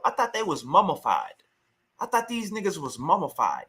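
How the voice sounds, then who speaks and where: A man's voice: sits high, huge pitch swings, a little fast, bright, forceful tone. A man reacting to a clip in heated, scornful casual commentary, repeating himself as he rants. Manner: heated, scornful, repetitive ranting.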